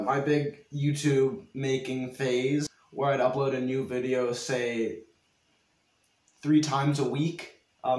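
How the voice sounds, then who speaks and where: A man's voice: mid-range voice, darkish tone, roomy sound. A young man giving reaction commentary on his own old video, mocking himself and laughing at it. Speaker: YouTuber.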